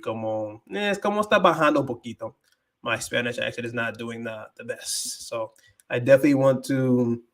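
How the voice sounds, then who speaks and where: Hosting a laid-back livestream, a man with a medium-pitched voice thinks out loud about learning languages, dropping Spanish phrases along the way.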